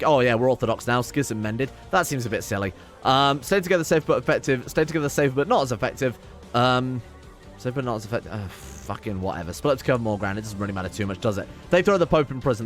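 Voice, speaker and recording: A young man casually commenting on his strategy game, reading event text aloud, wry and swearing now and then. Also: medium pitch. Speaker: game streamer. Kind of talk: casual let's play commentary.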